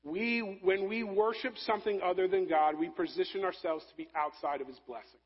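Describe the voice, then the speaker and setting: Man, pastor, sermon, husky, high voice, loud-to-soft delivery. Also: brisk, lo-fi sound. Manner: preaching with swings between loud emphasis and soft low passages.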